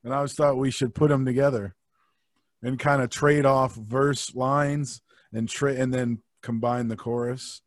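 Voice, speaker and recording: A man's voice: medium pitch, fairly even intonation, a little slow, no room sound. Jokey man in a dry room. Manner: jokey, sings snatches of songs. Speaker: podcast guest. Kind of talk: casual chat.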